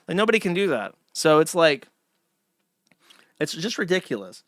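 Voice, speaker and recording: A man's voice: on the high side, big pitch swings, moderate pace, no echo, clean studio sound. A man hosting a commentary show, ranting in a scornful, profane and emphatic way. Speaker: host. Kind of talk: commentary rant.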